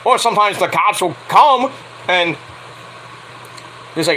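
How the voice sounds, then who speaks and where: Fired-up guy ranting on a late night stream, swearing nonstop, kinda high bright voice, faint ac hum behind. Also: animated, a little slow, pauses often, rough recording. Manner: profane, heated, fired-up ranting. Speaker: wrestling reviewer and streamer.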